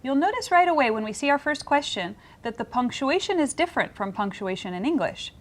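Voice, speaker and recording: A woman explaining Spanish grammar on a television lesson, her higher voice moving in a very lively way. She guides the lesson with questions. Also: fairly quick. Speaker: Spanish instructor. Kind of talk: classroom lesson dialogue.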